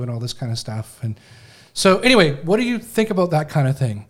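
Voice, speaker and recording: A man's voice: mid-range voice, sing-song, a little fast. Casual man retelling a story. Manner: retelling a news story with acted quotes, loose and conversational. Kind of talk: casual chat.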